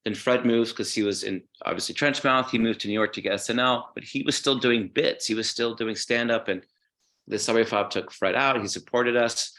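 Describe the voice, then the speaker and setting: A man talking as a podcast guest, telling stories in a relaxed way and swearing casually. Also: mid-range voice, fairly quick. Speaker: guest musician.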